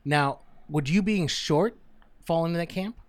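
A man's voice: fairly high pitch, measured pace, dry recording. A man co-hosting a podcast in casual chat, earnest and flustered, stumbling over his words. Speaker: podcast co-host.

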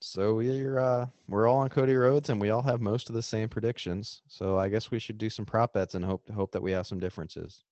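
A man's voice: fairly low pitch, fairly even intonation, a little fast, hardly any pauses, a little mellow, dry recording, dull audio. A young man co-hosting a casual podcast, teasing his friends and laughing between wrestling predictions. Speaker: podcast co-host. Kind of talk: casual chat.

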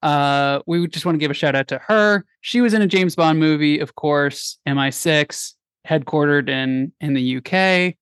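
A man's voice: a little high, moderate pace, few pauses, a bit bright, clear, resonant tone, no room sound, studio quality. A man hosting a casual sports podcast, rambling and self-deprecating with lots of restarts. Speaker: podcast host.

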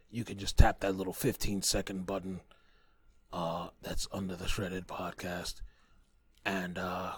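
Male podcast host, deep voice, dry sound, loose profane joking delivery full of ums. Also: breathy edge, no echo. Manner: rambling, profane and joking, many fillers and restarts. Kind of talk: casual podcast monologue.

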